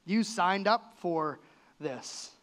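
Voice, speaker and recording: A pastor preaching a sermon in a church, talking to the congregation in an earnest, conversational way. His voice sits a little high for a man. He lifts it for emphasis and lets it drop low and quiet at the ends of thoughts. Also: lively intonation, extremely slow.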